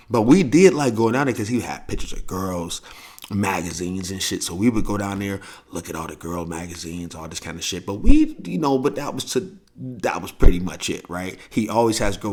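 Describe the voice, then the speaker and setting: A man's voice: fairly low pitch, a little mellow. A man with a St. hosting a podcast, telling a family story in a loose, profane, casual way and acting out the quoted voices. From St. Louis, USA. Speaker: podcast host.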